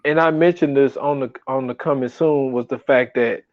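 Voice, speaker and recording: Casual podcast co-host, male, slangy and quick to laugh, acts out scenes; dull close mic with no room. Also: medium pitch, fairly even intonation, no echo. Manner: laughs a lot, retells scenes in quoted voices, slangy. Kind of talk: casual chat.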